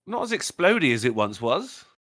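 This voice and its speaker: A man's voice: mid-range voice, very animated, normal speed, fairly bright tone, dry recording, studio quality. A man co-hosting a podcast, trading sarcastic quips in casual banter. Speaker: podcast co-host.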